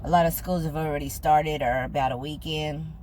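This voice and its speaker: A woman's voice: sits low, fairly even intonation, fairly quick, a little mellow, slight background noise. An older woman with a Californian accent talking earnestly to camera in a vlog, slangy and emphatic, getting choked up. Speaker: food vlogger. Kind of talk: casual heartfelt talk to camera.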